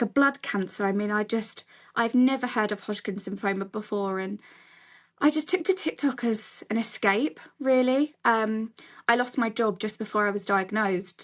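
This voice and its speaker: A woman in her twenties with an Essex accent, openly telling her own story in a casual, chatty way, full of "you know" and "like". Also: fairly high pitch. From England. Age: 20s. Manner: open, chatty, many fillers like "you know". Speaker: cancer survivor sharing her story. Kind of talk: casual interview talk.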